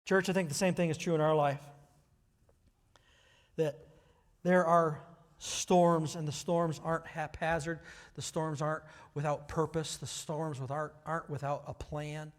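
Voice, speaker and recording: A male pastor giving a sermon to his church, talking conversationally and rising to loud, emphatic passages. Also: fairly high pitch, flat delivery, unhurried. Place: church sanctuary. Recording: hall reverb.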